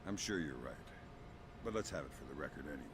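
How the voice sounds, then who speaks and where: An actor playing a hardened covert agent who speaks tersely and with dry menace in a video game. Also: male voice, a bass voice, animated, fast talker, noisy background.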